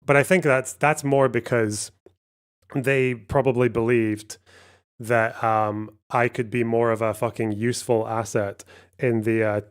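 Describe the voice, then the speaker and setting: A man's voice: medium pitch, steady tone, measured pace, clear, resonant tone. A man hosting a livestream, talking in a casual, rambling way with frequent swearing and restarts. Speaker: livestream host.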